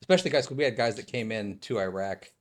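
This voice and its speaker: A man with a very deep voice talks in a relaxed, casual way. He chuckles often and pokes fun at new officers. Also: fast talker. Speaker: podcast host, veteran. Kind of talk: casual chat.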